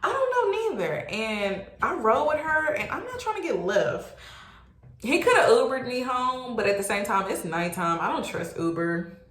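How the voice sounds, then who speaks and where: A young adult woman telling a casual storytime, animated and exclaiming, swearing freely. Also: on the high side, normal speed. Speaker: vlogger. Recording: roomy echo.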